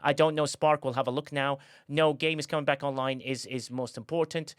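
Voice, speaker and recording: A man's voice: medium pitch, steady tone, fairly quick, clean tone, dry recording, studio quality. A man hosting a casual live stream, joking sarcastically and reading out viewer comments. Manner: joking, sarcastic, reads chat aloud. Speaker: streamer host.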